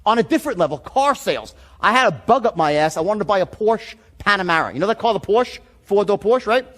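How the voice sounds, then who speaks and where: A man's voice: high-pitched, animated, fast talker, a bit bright. A middle-aged man teaching sales in a blunt, profane seminar storytelling style. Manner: blunt, swearing, emphatic. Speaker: sales trainer.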